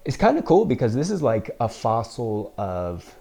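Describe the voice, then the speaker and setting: A man riffing through a film he has never seen, with a mellow, low-toned voice that swings up and down a lot. He jokes, swears freely and laughs often. It is casual reaction commentary with dry sarcasm. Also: very animated, moderate pace, creaky, slightly rough. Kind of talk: casual first-time movie reaction commentary.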